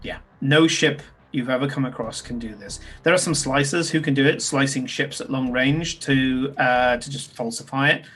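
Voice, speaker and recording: Male game master, loose descriptive narration, fillers and restarts, ordinary mid pitch. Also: fairly even intonation, moderate pace, few pauses, fairly bright tone, husky.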